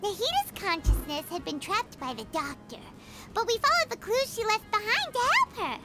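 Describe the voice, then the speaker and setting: A squeaky tiny floating sidekick, super high and bouncy, game music underneath. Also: female voice, moderate pace. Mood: chatty. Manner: high squeaky excitable chatter. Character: tiny chirpy female floating companion. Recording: game audio with music behind.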